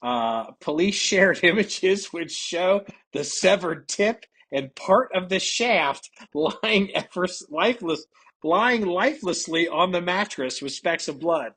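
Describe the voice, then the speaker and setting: A man's voice: high-pitched, animated, slow, a bit bright, breathy edge. A man hosting a casual podcast, reading odd news stories aloud and laughing and joking about them. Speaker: podcast host.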